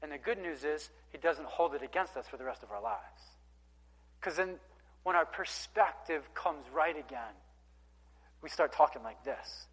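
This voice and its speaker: A man's voice: on the high side, lively intonation, normal speed, fairly bright tone, breathy edge. Conversational male preacher in an echoing hall. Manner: conversational, emphatic, reads scripture aloud with asides. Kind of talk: sermon. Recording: long hall reverb.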